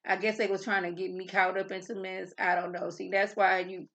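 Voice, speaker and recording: A woman's voice: medium pitch, little pitch movement, brisk, a bit bright. A woman in her thirties giving a casual, chatty review of a reality TV episode, rambling off on tangents as she talks. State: a bit irritable before coffee. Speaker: reality TV recap vlogger. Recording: dull lo-fi sound.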